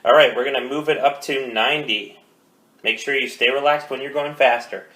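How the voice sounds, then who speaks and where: A man teaching a drum lesson, counting beats aloud and coaching calmly. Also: mid-range voice, a little fast. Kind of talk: instructional rudiment lesson. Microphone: phone. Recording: echoey room with faint noise.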